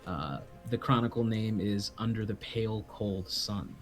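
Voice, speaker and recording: Low-voiced enthusiastic male game master. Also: measured pace, soft background music. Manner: enthusiastic, rambling plugs. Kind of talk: casual stream chat.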